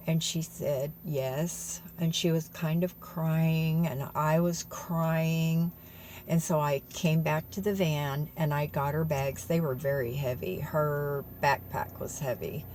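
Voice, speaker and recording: A woman's voice: deep voice, fairly even intonation, slow, darkish tone, slight background noise. A woman telling viewers a story in an earnest, tearful way, calling them y'all. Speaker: vlogger.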